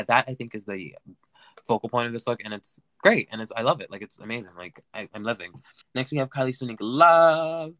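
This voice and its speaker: A man hosting a solo recap podcast, talking in a campy, chatty way that swings between loud gushing and mumbled asides. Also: medium pitch, no echo. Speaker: podcast host.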